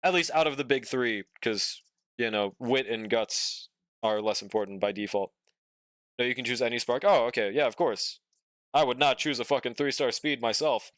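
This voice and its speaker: A medium-pitched, slightly bright male voice at a moderate pace belongs to a young gaming streamer who sounds sleepy and keeps yawning. Relaxed and drawling, he swears frequently and reads and answers his viewers' chat while playing. The recording is dry and of studio quality.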